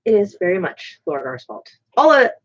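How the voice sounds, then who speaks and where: A woman's voice: mid-range voice, big pitch swings, brisk. A woman chatting casually as a livestream host, rambling and joking about herself, with murmured asides. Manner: rambling, self-deprecating, drops into murmured asides. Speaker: livestream host painting miniatures. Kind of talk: casual chat. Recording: dull lo-fi stream audio.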